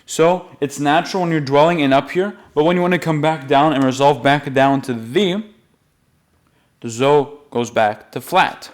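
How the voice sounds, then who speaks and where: A man giving a patient, step-by-step music lesson, explaining the rules and then slowly singing the note names. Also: fairly high pitch. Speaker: music teacher.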